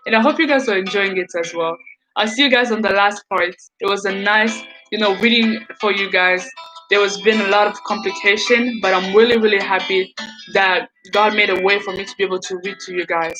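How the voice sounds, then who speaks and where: A woman's voice: medium pitch, brisk, rough recording. A woman reading a children's novel aloud, enthusiastic, often stumbling and restarting lines. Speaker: reader. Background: background music.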